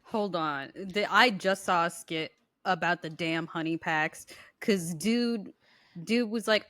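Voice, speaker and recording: A woman co-hosting a podcast, telling a funny story in lively casual chat, swearing freely. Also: on the low side, a little slow, no room sound. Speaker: podcast co-host.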